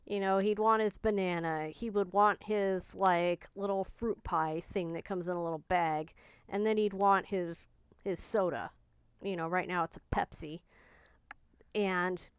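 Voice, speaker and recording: A woman talking candidly in a personal vlog, grieving and low on energy, rambling with fillers. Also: smooth, no echo. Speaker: vlogger.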